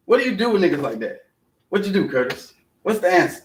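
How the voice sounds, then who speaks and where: A man's voice: sits high, sing-song, fast, distant mic, slight background noise, low-quality recording. A man hosting a casual chat, out of breath and ranting passionately with plenty of profanity. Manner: impassioned, profane, acts out others' retorts. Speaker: host.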